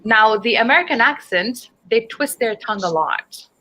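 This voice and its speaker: A woman from Dubai leads an online group English speaking lesson, patiently and encouragingly explaining, spelling out words, and quizzing her students. Her voice is on the high side, bright and forceful, with lively intonation at a moderate pace, on a rough recording.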